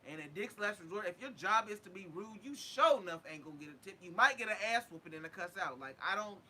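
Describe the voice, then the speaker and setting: Bright-voiced young man, loud and swearing. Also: sits high, fast, husky. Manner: loud, animated, swearing freely. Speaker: podcast co-host. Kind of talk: casual chat.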